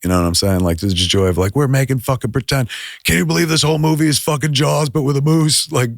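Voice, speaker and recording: A filmmaker in casual podcast chat, an animated storyteller who swears often and acts out quotes. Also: male voice, medium pitch, fast talker, gravelly, no room sound, clean studio sound. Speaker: filmmaker guest.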